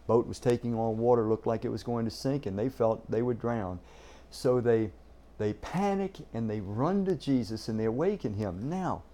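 A man preaching a sermon, earnest and emphatic, often doubling a word as he starts a thought. His voice is warm and mellow in tone, with pitch in a middling range for a man. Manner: earnest, emphatic, repeats words when starting sentences. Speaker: pastor.

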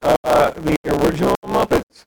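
A man's voice: a little high, flat delivery, moderate pace, gravelly, very noisy. A man co-hosting a casual movie podcast, giving brief, dry reactions and stumbling over his words. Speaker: podcast co-host.

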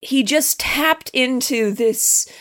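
A woman co-hosting a casual podcast about a film, talking in an enthusiastic, gushing way with quick asides. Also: sits high, fairly bright tone. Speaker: podcast co-host.

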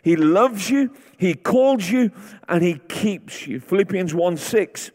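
A man serving as guest preacher delivers a sermon in a large church sanctuary, repeating short declarations that build in intensity. His high, animated voice is slow and darkish, carried by the long reverb of a large hall.

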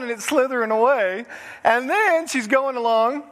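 A man's voice: high-pitched, brisk, fairly bright tone, long reverb tail. A man, a pastor preaching a folksy sermon in a church. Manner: folksy, chuckles through the story. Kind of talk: sermon with storytelling. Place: church sanctuary.

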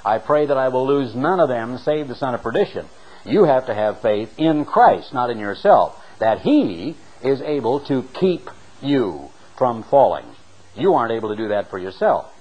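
A man preaching a sermon, reading scripture and explaining it with an emphatic, dramatic delivery that slows down for the readings. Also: low-quality recording. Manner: emphatic, dramatic delivery with sharp swings in pitch and loudness; slows down to read scripture aloud.

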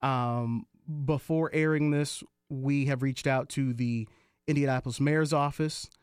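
A man hosting a news talk show, speaking in a measured way with many filler ums. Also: medium pitch, steady tone, clean tone, no echo, studio quality. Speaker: host.

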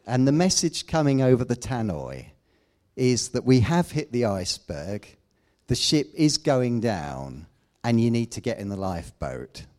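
A man preaching a sermon, emphatic, with loud declamations and quiet asides. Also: mid-range voice, big pitch swings, measured pace.

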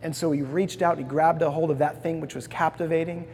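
A man's voice: on the high side, fairly even intonation, a little fast, gravelly, a little mellow, big-room sound, slight background noise. A man preaching a sermon, telling stories in a folksy way and asking the congregation to repeat words after him. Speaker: pastor.

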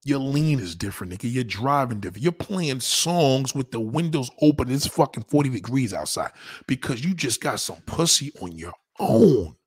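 A man delivering a crude, profane comic rant, animated and acting out the people he talks about. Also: medium pitch, normal speed, breathy edge. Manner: profane, animated, acts out voices. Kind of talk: crude stand-up style rant.

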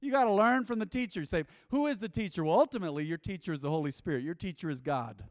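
A man preaching a sermon in a church, animated and emphatic, acting out quotes. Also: a little high, racing, no room sound, clean studio sound, big-room sound. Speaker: pastor.

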